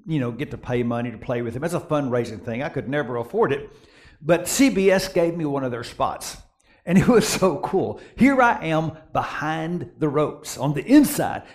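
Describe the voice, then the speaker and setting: A middle-aged pastor delivers a sermon, his voice riding high and lively. He swings from quiet, low asides up to excited peaks as he tells his stories. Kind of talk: sermon with storytelling.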